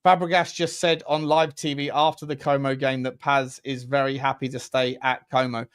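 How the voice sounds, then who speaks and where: A man's voice: medium pitch, flat delivery, moderate pace, clean tone. A man co-hosting a casual football chat, chatty and throwing questions to his co-host.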